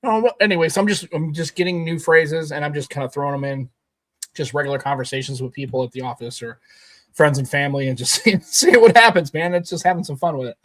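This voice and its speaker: A man's voice: fairly high pitch, fast talker, fairly bright tone. A man co-hosting a casual tech podcast, rambling and emphatic, swearing now and then. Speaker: podcast co-host.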